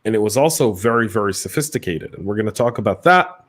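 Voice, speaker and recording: A man's voice: fairly low pitch, animated, quick pace. A man with a Southern US accent co-hosting a live podcast, chatty and casual, often stammering on restarts. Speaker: podcast co-host.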